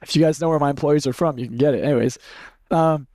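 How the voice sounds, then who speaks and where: A young man with a high voice holds forth to a live audience in a loose, blunt way, swearing freely and acting out quotes as he tells stories. The sound is close and dry with no room echo. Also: quick pace, darkish tone. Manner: blunt, profane, storytelling with acted-out quotes. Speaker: speaker teaching a live audience. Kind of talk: casual seminar talk.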